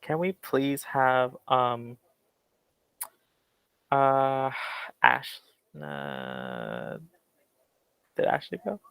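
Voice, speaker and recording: A man's voice: medium pitch, very slow, gravelly, pauses often, smooth, no room sound, low-quality recording. American man teaching an English class. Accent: General American. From Western United States. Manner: relaxed and explanatory, with many fillers. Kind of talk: classroom lecture.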